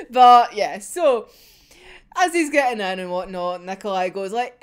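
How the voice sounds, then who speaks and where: A woman's voice: high-pitched, huge pitch swings, slow pace. A young woman giving a casual, giggly and sweary reaction to a manga chapter. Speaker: manga reviewer.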